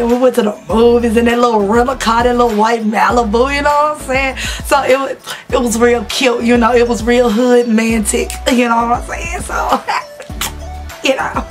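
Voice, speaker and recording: A woman, telling candid, laughing stories to her vlog audience. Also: on the high side. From Southern United States. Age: 20s. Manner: chatty, laughing, slangy and candid. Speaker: vlogger. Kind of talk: casual storytelling to camera.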